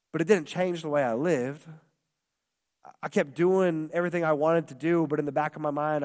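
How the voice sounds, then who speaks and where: A pastor with a fairly high male voice preaches in a church hall with long reverb. He speaks at a moderate pace with long pauses, impassioned and repetitive, acting out quoted voices.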